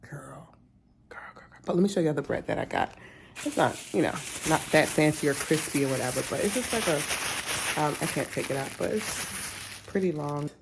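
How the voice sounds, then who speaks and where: A woman's voice: low-pitched, lively intonation, a little fast, creaky, noisy background. A woman vlogger talking casually about food, sometimes dropping into a whisper. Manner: chatty, drifts into whispers. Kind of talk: casual vlog chat.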